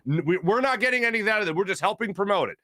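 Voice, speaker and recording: Bright, earnest male sports host. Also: high voice, animated, racing, dry recording, studio quality. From Philadelphia area, USA. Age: adult with young children. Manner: earnest, emphatic, heartfelt. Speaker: sports talk show host. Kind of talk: sports talk monologue.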